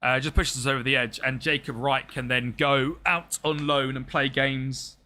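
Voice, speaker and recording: Young male streamer, bright forward tone, banters with chat while managing a team live. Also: mid-range voice, steady tone, moderate pace. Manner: chatty and jokey, talks to chat and game players. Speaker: game streamer. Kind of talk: live-stream game commentary chatting with viewers.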